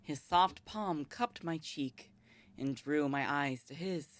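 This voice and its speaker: A woman reading as a brooding vampire. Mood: somber. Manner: slow, somber, low reading. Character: guilt-ridden centuries-old male vampire narrator, brooding. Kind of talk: reading a visual novel aloud.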